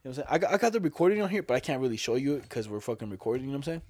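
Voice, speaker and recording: A young man telling a story in casual chat, animated and swearing, acting out the voices of the people in it. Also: mid-range voice, very fast.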